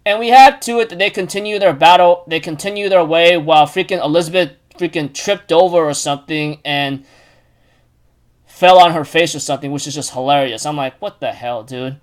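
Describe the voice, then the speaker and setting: A man's voice: fairly high pitch, fairly even intonation, fairly quick. A man casually recapping a manga chapter, rambling with many fillers and restarts.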